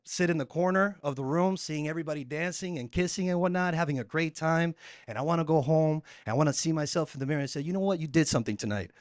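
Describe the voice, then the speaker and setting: Chill thirtysomething guy doing stand-up, talks kinda high, dry close sound. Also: no echo. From Puerto Rico. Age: 30s. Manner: laid-back, chatty, addresses crowd with "man". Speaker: stand-up comedian. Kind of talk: stand-up comedy set. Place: comedy club stage.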